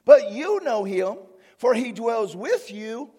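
A male pastor preaching a sermon with fervor, often shouting for emphasis, with a husky voice. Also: extremely high pitch, big pitch swings, slow pace.

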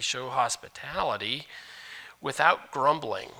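A man preaching a sermon as pastor, animated, moving between loud emphasis and hushed asides. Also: fairly high pitch, unhurried, long pauses.

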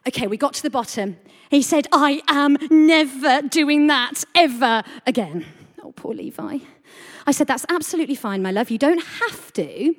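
A woman with a high, bright voice delivers an animated sermon, telling a family story and tossing questions out to the congregation. Her voice rings through a large hall with a long reverb. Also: normal speed. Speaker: preacher. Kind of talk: lively sermon talk to a congregation. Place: church hall.

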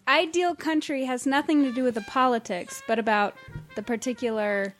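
A woman on a casual podcast, telling jokes in a dry, deadpan way. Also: sits high, normal speed, soft background music. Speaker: podcast co-host.

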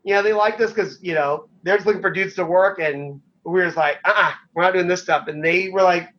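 A high-voiced middle-aged man spins loose, rambling stories, packed with fillers and casual swearing. The recording sounds dull and lo-fi, with the top end rolled off. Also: brisk, a bit bright. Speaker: former pro wrestler, guest. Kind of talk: casual storytelling.

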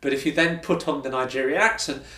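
A man's voice: medium pitch, fast talker, bright, forceful tone. Chatty guy host, mid voice, rambling tangents, roomy echo. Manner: chatty, digressive, self-deprecating. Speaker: podcast host. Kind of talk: casual interview chat.

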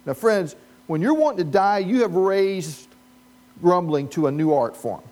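A pastor with a notably high voice preaches at a brisk clip, animated and humorous. He riffs on the story and keeps throwing questions to his congregation.

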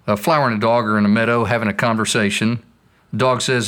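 A man's voice: lowish voice, steady tone, fast, fairly bright tone. A man patiently explaining his views in a scripted dialogue, using stories. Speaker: apologist answering questions.

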